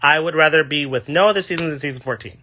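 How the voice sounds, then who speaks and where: A man's voice: fairly high pitch, fast, bright, forceful tone. A man in his thirties chatting casually on a livestream, answering fan questions with a gushing, sassy manner. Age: 30s.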